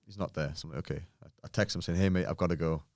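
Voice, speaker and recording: A man in his thirties telling a lively gym story in casual chat, swearing freely and acting out what people said. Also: low-pitched, rapid-fire, dry recording, studio quality. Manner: animated, swears often, acts out quotes. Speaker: podcast guest, bodybuilder.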